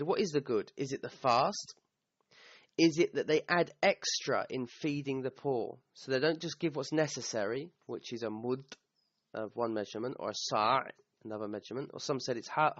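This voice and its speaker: A man's voice: medium pitch, dry recording. A man teaching a recorded Arabic grammar lesson on Quran verses. He explains step by step and checks in with the listener with "okay?". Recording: slightly dull, dry sound.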